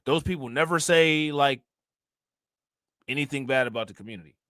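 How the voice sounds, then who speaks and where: Clean studio sound with no echo captures this commentary channel host's mid-range, slightly bright voice at a moderate pace. He speaks to viewers with heated emphasis and plenty of rhetorical questions.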